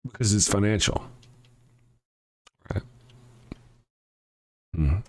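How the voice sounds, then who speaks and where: A man's voice: fairly low pitch, takes it slowly. A man hosting a live stream, reading scripture aloud and breaking off into sarcastic, mocking asides. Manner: sarcastic, mocking asides with a lively swooping delivery. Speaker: host.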